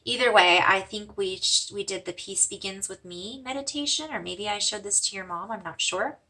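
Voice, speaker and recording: A woman gently teaching simple breathing exercises, slowing and softening her voice for the mantra lines. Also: medium pitch, distant mic. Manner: gentle, slows and softens for mantras, fades to whispers. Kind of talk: guided breathing lesson.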